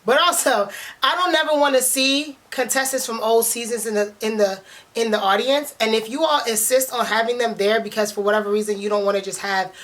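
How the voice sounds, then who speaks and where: A woman's voice: on the high side, a little fast, a bit bright. A young woman giving blunt, sassy live commentary on a reality show, laughing and cursing as she reacts. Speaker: reaction vlogger.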